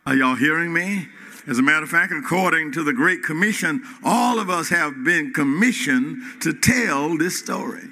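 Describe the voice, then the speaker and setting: A man preaching a sermon in a church, swinging between loud rises and quiet drops and calling out to the congregation. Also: fairly high pitch, lively intonation, normal speed. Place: church hall. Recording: reverberant hall.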